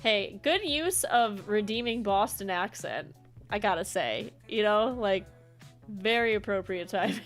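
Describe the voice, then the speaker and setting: A woman's voice: mid-range voice, expressive, slow, soft background music. Chatty woman game streamer. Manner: chatty, giggly, explains her character voices. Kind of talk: casual chat while playing.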